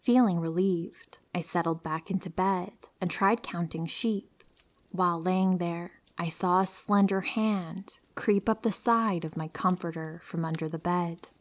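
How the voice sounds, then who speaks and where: A woman calmly narrating true horror stories, softly dropping into whispers at tense moments. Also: fairly low pitch, unhurried. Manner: calm, soft-spoken, dipping into whispers for tense moments.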